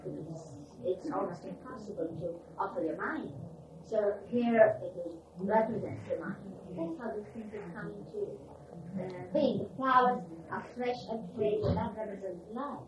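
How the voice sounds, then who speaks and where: A woman from India, gently recounting spiritual memories with pauses and restarts. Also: medium pitch. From India (Pune). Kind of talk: reflective spiritual talk. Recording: echoey room, distant mic, background noise.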